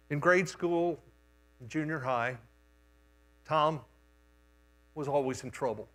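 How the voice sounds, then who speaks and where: An older man preaching a sermon in a church, telling a childhood story in an unhurried, homespun way. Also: on the high side, fairly bright tone. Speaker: guest preacher. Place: church sanctuary.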